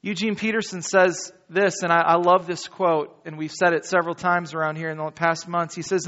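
Reading scripture from the pulpit, a pastor whose voice runs on the high side speaks to his congregation animatedly and conversationally, pausing slowly for drama. The audio is dull, with a long reverb tail.

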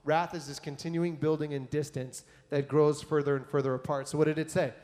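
Animated male preacher in an echoing hall. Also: fairly high pitch, a little fast. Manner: conversational, animated preaching with asides. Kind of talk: sermon. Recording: long hall reverb.

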